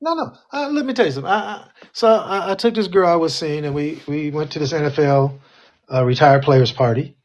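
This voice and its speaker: A man's voice: on the high side, fairly quick, dull audio. A man co-hosting a casual talk show, telling a dating story and acting out the quoted lines. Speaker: co-host.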